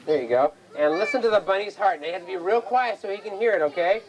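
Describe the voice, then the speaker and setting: A woman's voice: medium pitch, fast, a little mellow, low-quality recording. Woman leading a kids' magic show. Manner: coaxing, singsong, calls on the kids to chant along. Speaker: magician performing for children. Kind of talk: children's party magic show patter. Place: home birthday party with children around. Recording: 1980s home VHS camcorder.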